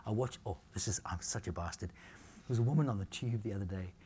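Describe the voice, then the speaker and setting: A man's voice: lowish voice, quick pace, a little hiss or hum. A middle-aged man, giving a cheeky, joking lecture on nutrition to a live audience. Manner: cheeky, jokey, animated storytelling.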